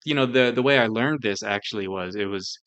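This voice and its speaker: A man's voice: on the low side, a little fast, a bit bright, smooth, muffled recording. Podcast co-host, male, loose and rambling, lots of filler words, chatty discussion. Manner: rambling, heavy with "like" and "you know".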